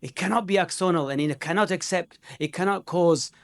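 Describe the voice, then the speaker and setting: A man's voice: high voice, fairly quick, voice pushed up. A man putting on a dogmatic German doctor. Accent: German, put on badly. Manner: insistent, lecturing. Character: dogmatic German male neurologist colleague.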